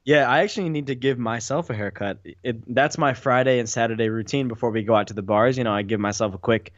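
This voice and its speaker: A man who is a guest on a podcast, chatting casually in a relaxed, teasing way. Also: medium pitch, fast, no room sound. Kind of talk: casual chat. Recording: dry, dull lo-fi sound.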